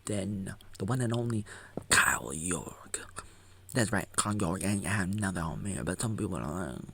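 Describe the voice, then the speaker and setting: A vlogger reacts live to a documentary about himself, rambling goofily and slipping into silly voices and whispers. His voice sits low, with vocal fry and a slightly rough edge, and he talks a little fast.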